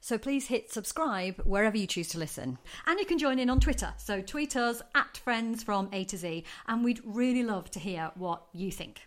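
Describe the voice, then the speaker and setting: A woman's voice: fairly high pitch, expressive, moderate pace, hardly any pauses. A woman with a Northern English accent co-hosting a podcast in casual chat. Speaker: podcast co-host.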